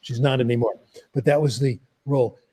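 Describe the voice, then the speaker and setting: Older man, warm mellow voice, husky, relaxed academic storyteller. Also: medium pitch, fairly quick. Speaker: guest speaker.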